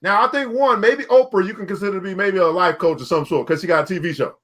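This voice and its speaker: A man with a high, bright voice hosts a casual talk show about business. He speaks in a folksy, preachy way, circling back and repeating phrases for emphasis. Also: fast. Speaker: show host.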